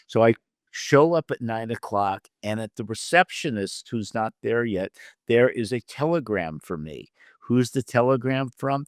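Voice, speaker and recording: An older man, a literary agent and producer, shares career anecdotes as an interview guest, acting out the dialogue of the people involved. He's a lively but loose storyteller, with fillers and mid-thought restarts. His mid-range voice is a little slow, recorded clean in a studio with no room sound.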